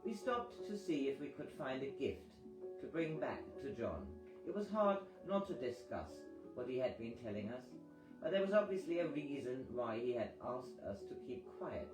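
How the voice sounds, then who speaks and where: A man reading a first-person memoir aloud in a measured storytelling manner. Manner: measured storytelling, animated pitch on dialogue. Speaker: audiobook reader. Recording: echoey reading over guitar music.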